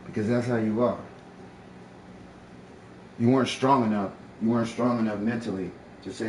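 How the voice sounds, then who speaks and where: Low-voiced man lecturing in an echoey room. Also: steady tone, normal speed, long pauses, darkish tone, recorded from a distance. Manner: confrontational, lecturing, profane. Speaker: live streamer. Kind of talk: heated domestic argument. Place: at home, indoors. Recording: echoey room, off-mic, faint noise.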